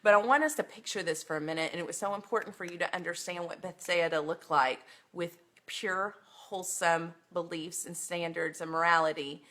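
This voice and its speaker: A woman's voice: on the low side, a bit bright. A woman teaching a Bible lesson on a phone livestream, earnest and emotional, with many ums.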